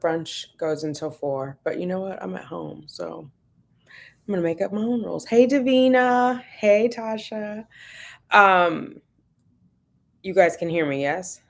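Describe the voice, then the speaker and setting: A woman's voice: fairly low pitch, vocal fry. Laid-back woman chatting on a home livestream. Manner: chatty and laid-back, laughs often, greets viewers by name. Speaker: vlogger hosting a livestream. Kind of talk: casual livestream chat greeting viewers.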